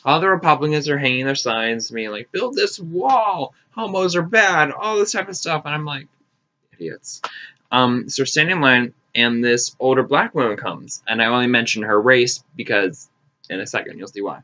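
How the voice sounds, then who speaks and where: Animated young man with a bright voice. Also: a little fast. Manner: animated, jumps into high mocking voices for quotes; sarcastic, swears freely. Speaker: vlogger. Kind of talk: casual storytime. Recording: slightly dull lo-fi audio.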